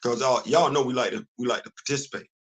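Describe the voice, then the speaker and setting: A man hosting a comics show, talking casually to his viewers in an animated way, repeating himself and getting loud when worked up. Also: mid-range voice, fast, low-quality recording.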